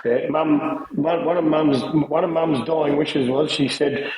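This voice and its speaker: A middle-aged Australian man tells stories on a podcast, laughing as he goes. His voice sits a little high. The room is echoey and the background noise is clear. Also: fairly even intonation, a little slow. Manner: laughs often while telling yarns. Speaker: podcast guest. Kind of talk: casual storytelling chat.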